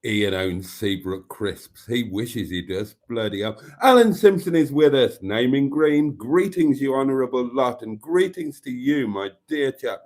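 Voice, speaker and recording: A man chats casually on a live stream. He reads viewer comments aloud and greets each viewer in a friendly, rambling way. His voice sits at an ordinary middle pitch. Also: measured pace, hardly any pauses, darkish tone.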